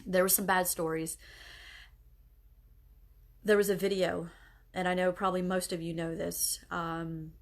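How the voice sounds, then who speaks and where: Tearful middle-aged woman, low voice. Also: creaky. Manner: earnest, pleading, halting. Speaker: bereaved mother addressing followers. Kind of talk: emotional direct-to-camera talk.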